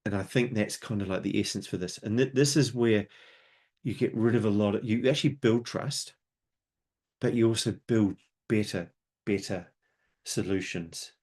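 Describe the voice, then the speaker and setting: A man's voice: lowish voice, normal speed, darkish tone, breathy edge. A man presenting a webinar, talking unscripted and conversationally, explaining ideas through homely analogies and stories.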